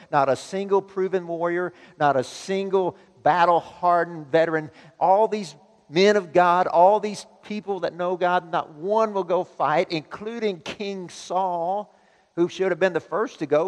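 A man preaching a sermon as pastor, emphatic and building to loud exhortation. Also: a little high. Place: church sanctuary. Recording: long church reverb.

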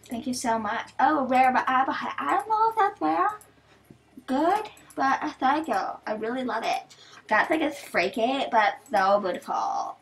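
A teenage girl chatting casually as she opens gifts, excitable, gasping and thanking over and over. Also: high-pitched, unhurried. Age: teens. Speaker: vlogger opening gifts. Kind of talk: casual chat.

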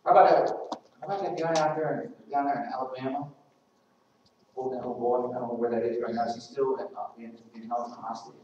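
A man's voice: mid-range voice, steady tone, brisk, darkish tone, a little hiss or hum. Man, church preacher, chatty sermon with questions to the pews; far from the mic, dull and echoey. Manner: conversational, asks the congregation questions. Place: church sanctuary.

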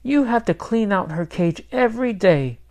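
A man voicing a practical, bossy grandmother in a high, strained voice that scolds briskly. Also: animated, a little mellow.

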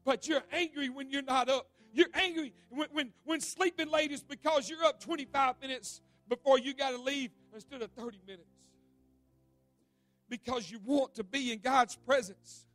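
A male pastor preaching an evening sermon in a church, telling a vivid story with repeated words and swinging from loud to hushed. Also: extremely high pitch, no room sound. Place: church sanctuary.

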